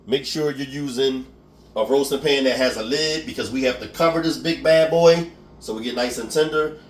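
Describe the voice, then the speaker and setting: A man's voice: medium pitch, normal speed. A man with a Philadelphia accent hosting a home cooking tutorial. He talks casually, laughs at himself and often checks in with "okay?". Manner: chatty, laughs at himself, keeps asking "okay?". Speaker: cooking show host.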